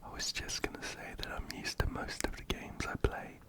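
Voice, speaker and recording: A man whispering gently up close into a binaural mic as an ASMR host chatting through a game. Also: moderate pace. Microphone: binaural ear-to-ear mic.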